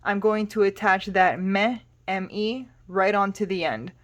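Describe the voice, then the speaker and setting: A woman gives a language lesson in a patient, explaining manner. Her voice sits in a middle pitch. She often stops to spell words out letter by letter. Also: measured pace. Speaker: Spanish teacher.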